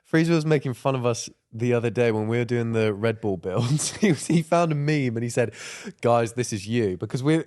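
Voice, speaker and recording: A man's voice: a little fast, few pauses, darkish tone, no echo, studio quality. A man co-hosting a podcast, talking casually and trailing off as his voice drops. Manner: laid-back, trailing off, voice drops low at ends. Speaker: podcast co-host. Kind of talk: casual chat.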